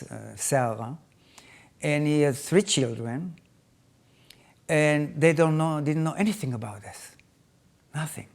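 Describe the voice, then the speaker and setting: An older man tells his life story in English, haltingly, with many restarts and phrasing. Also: on the high side, darkish tone. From Israel. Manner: halting, non-native phrasing with frequent restarts. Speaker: interviewee.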